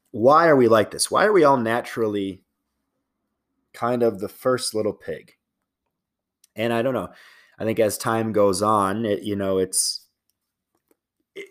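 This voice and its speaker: Middle-aged male fitness host with a lowish voice, rambling and profane, casual monologue.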